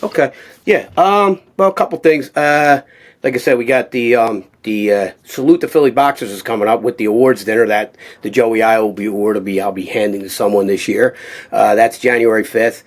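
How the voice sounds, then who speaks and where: A middle-aged man, a boxing cutman telling rambling, animated stories as a guest in an interview. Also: on the low side, fairly quick. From Philadelphia. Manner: animated, rambling, acts out quotes. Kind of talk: casual storytelling interview.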